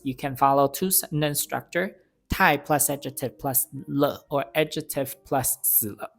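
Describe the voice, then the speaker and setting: A man teaching a language grammar lesson, repeating each example phrase slowly and then explaining it plainly. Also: medium pitch. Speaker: Chinese teacher. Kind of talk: slow, deliberate grammar lesson.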